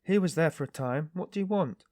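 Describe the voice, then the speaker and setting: A man voicing a suspicious male porter who demands answers in a raised, shouting voice. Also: on the high side, animated, brisk, no echo, voice pushed up, lightly acted. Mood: demanding.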